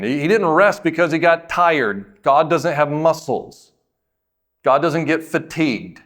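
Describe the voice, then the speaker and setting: Conversational pastor preaching, slightly high voice. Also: male voice, a bit bright. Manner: conversational preaching, repeats words, asks and answers his own questions. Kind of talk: sermon.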